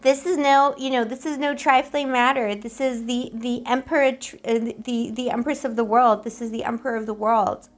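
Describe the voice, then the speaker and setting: A woman with a slightly high voice gives a casual tarot reading straight to her viewers. She rambles affectionately and showers them with pet names. Her talk is playful and giggly, and she often teases herself. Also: steady tone, normal speed, few pauses, faint music behind. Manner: giggly, self-teasing. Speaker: tarot reader.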